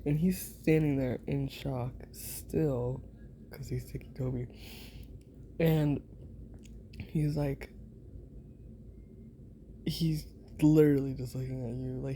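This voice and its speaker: Mellow rambling woman, whispered role-play. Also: sits low, slight background noise. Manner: rambling, giggly, full of fillers. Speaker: ASMR storyteller.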